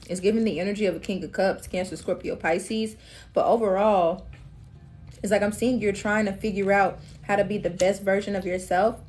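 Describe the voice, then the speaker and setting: A woman's voice: mid-range voice, darkish tone. A woman giving a casual live-stream tarot reading, chatty and laughing often, calling listeners love and queen. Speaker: tarot reader.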